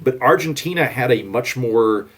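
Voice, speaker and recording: A man's voice: medium pitch, expressive, normal speed, fairly bright tone. A man, a guest author talking in a casual podcast conversation, rambling with lots of "like" and restarts. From Oklahoma, United States. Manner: chatty, rambling, filler-heavy with "like" and restarts.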